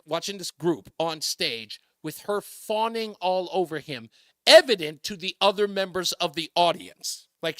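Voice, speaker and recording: Animated, bright-voiced male radio host. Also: high voice, no echo, studio quality. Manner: animated storyteller, quotes people in raised voices, laughs often. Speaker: radio talk show host. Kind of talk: casual storytelling on talk radio.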